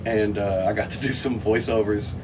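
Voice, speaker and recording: A man with a fairly low voice chats loosely as a podcast guest, leaning on ums and uhs as he goes. He sounds set back from the mic, and steady noise hangs behind him. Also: moderate pace. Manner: relaxed, rambling with many fillers and laughs. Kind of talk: casual chat. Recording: distant mic with clear background noise.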